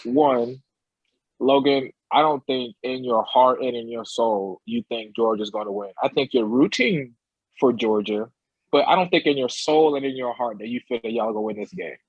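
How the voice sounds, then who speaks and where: A man's voice: medium pitch, animated, moderate pace, vocal fry, slightly rough, dry recording, dull audio. A man co-hosting a casual sports podcast, speaking in an emphatic, insistent way. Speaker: podcast co-host.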